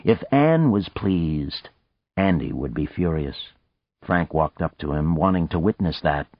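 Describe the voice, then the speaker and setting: A man narrating an audiobook in a measured, expressive way, in a dry, dull lo-fi recording. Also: low-pitched, no echo.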